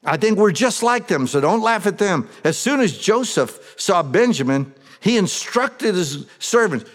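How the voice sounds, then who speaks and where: A man preaching, his voice sitting a little high for a man and ringing out with a long hall reverb. He reads scripture, then stops to explain it in everyday terms. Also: big pitch swings, unhurried. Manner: expository, reads verses then explains them plainly. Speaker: pastor. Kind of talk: sermon with scripture reading.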